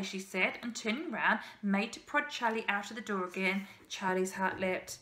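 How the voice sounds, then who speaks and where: A woman teacher reading a children's novel aloud in steady storybook narration, with small slips. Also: mid-range voice, normal speed, hardly any pauses. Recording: roomy echo.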